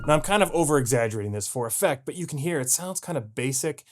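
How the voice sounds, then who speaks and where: A man's voice: fairly high pitch, animated, quick pace. A man teaching a jazz piano lesson, explaining patiently and scatting rhythms aloud to show them. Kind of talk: video lesson.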